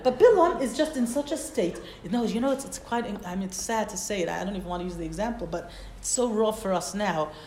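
A woman gives a Torah lesson, reading Hebrew verses aloud and turning them into plain English. She leans on repeated words to drive her point home. Her voice sits at a middle pitch, and it rings a little in a roomy space with a faint hiss behind it. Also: quick pace, hardly any pauses, a little mellow. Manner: emphatic, repeats words for stress; reads Hebrew verses then translates. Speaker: Torah teacher. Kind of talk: Bible class explaining verses. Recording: roomy echo.

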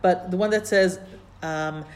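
A woman's voice: lowish voice, a little mellow, slight background noise. Woman teacher explaining a text. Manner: explanatory, translates Hebrew terms as she goes; pauses often to search her notes. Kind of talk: classroom Bible lesson.

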